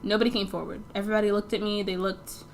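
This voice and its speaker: A woman's voice: mid-range voice, flat delivery, quick pace, slight background noise. A teenage girl telling a story in a casual vlog, chatty and full of "like" fillers, acting out the dialogue as she goes. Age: teens. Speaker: storytime vlogger.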